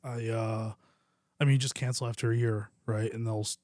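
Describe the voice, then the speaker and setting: A man's voice: lowish voice, flat delivery, fairly quick, a little mellow, dry recording. A man co-hosting a podcast in casual chat, easygoing and agreeable, often trailing off with "you know". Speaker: podcast co-host.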